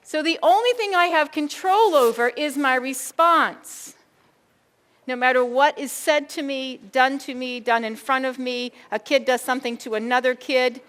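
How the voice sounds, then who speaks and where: A middle-aged woman speaking as a school behavior consultant, giving a lively keynote talk to an audience of educators and calling them folks. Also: high-pitched, moderate pace. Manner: animated, addresses audience as folks, acts out quoted thoughts.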